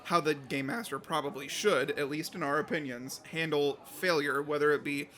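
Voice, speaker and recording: Upbeat, slightly nasal podcast co-host. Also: male voice, on the high side, fairly even intonation, moderate pace, fairly bright tone. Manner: jokey, self-deprecating, with frequent fillers. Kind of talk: casual podcast chat.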